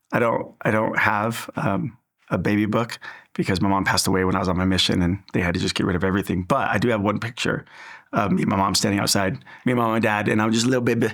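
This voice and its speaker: Earnest low-voiced man telling his story. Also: fairly bright tone. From Southern California. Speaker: interview guest. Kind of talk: personal faith testimony.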